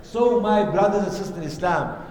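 A man's voice: high-pitched, brisk, a little mellow. A man delivering a Friday sermon as imam, emphatic and repeating his key lines for weight. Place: large mosque hall. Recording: echoey hall reverb.

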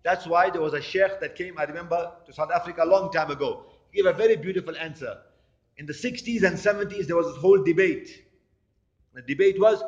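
Male preacher with a high-ish voice, lively storytelling sermon, muffled recording. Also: a little fast. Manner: animated storytelling, acting out quoted people. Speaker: imam.

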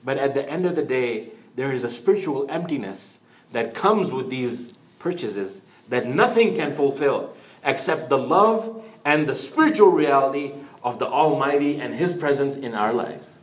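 A man's voice: mid-range voice, lively intonation, moderate pace. Earnest male preacher in an echoey room. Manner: earnest, storytelling, mixes in Arabic phrases. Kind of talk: Islamic sermon.

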